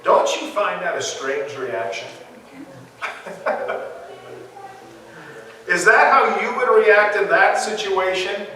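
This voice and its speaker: A man's voice: high-pitched, sing-song, moderate pace, pauses often, sharp tone, a little hiss or hum. A man leading a conversational Bible study, questioning his listeners and laughing along with them. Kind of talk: interactive Bible study teaching. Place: church hall. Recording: echoey hall from far off.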